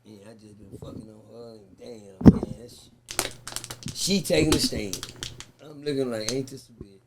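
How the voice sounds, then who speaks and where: A man, telling a story in a sit-down interview. He talks in an animated, profane way and acts out the people he quotes. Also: medium pitch, unhurried, very noisy. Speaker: guest.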